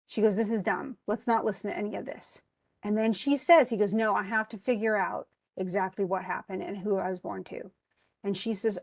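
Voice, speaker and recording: Woman, literature instructor, casual chatty classroom lecture, mid-pitched, mixes slang with recited verse. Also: steady tone, moderate pace, no room sound. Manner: chatty plot retelling with frequent "he goes" asides; switches between modern slang and quoted archaic verse.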